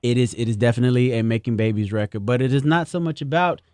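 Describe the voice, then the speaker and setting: A man's voice: medium pitch, quick pace, darkish tone, clean tone, no echo, studio quality. A man chatting casually as an interview guest on the radio, laid-back and slangy, often laughing.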